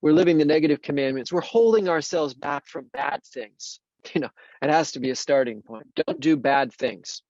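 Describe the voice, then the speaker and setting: A man's voice: fairly high pitch, moderate pace, a little mellow, dry recording. A man, a Benedictine monk and priest, teaching casually about the spiritual life, searching for words with lots of "you know" and restarts. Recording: dull, slightly lo-fi dry sound.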